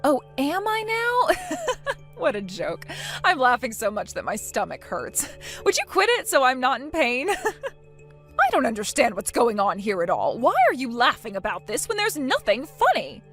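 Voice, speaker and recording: A woman's voice: a little high, wildly swooping pitch, moderate pace. A woman voicing a sarcastic daughter-in-law. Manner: sarcastic, mocking. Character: mocking young daughter-in-law, defiant. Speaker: narrator of the story. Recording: soft music behind.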